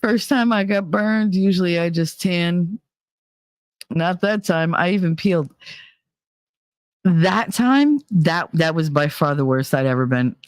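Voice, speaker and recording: Lively storytelling woman, low voice. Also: measured pace, no room sound, studio quality. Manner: animated, swears, mimics others' voices. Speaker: channel host. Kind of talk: casual storytelling chat.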